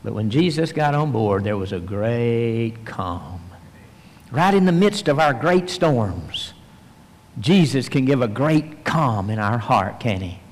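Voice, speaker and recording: Male preacher, mid-pitched, folksy storyteller, lively then hushed, long hall echo. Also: measured pace. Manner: folksy storytelling, swings between animated and hushed. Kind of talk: sermon. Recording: long reverb, large hall.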